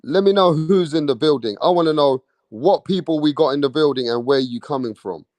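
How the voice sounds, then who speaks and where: Brisk and a little high-pitched, a young man's voice comes through on a dry recording as he hosts a livestream and reads out viewer comments. He's brash and slangy, swears a lot, and erupts in loud hype bursts.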